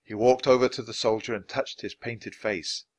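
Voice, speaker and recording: A man narrating a children's storybook aloud, expressive and switching voices for each character. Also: mid-range voice, moderate pace. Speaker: audiobook reader.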